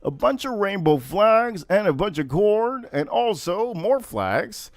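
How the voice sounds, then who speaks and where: A male livestream host with a fairly high, very lively voice tells stories in casual, cursing chatter. The sound is dry and close, with no room echo. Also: slow pace. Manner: profane, animated storytelling.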